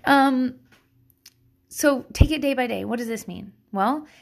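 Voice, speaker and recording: Her voice is slightly high, creaky, and unhurried as she speaks as a mother giving parenting advice. The casual monologue is blunt, laced with swearing and laughter, and prone to tangents.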